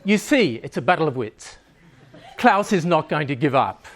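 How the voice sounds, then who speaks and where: A man's voice: fairly high pitch, sing-song, moderate pace, fairly bright tone. A man giving a humorous talk to a live audience, joking and conversational, laughing at his own lines.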